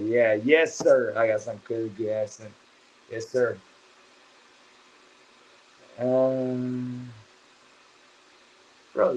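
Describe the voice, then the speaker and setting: A man's voice: medium pitch, darkish tone, rough recording. A young man, chatting casually and slangily on a late-night livestream, sleepy and swearing now and then. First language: Chinese. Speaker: livestream host.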